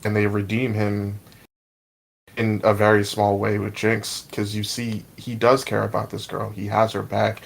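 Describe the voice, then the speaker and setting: A man on a podcast, talking slowly and thoughtfully about a show, swearing casually. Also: lowish voice, monotone, vocal fry, rough recording. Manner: slow and measured, swears casually. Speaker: podcast co-host. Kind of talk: casual podcast review chat.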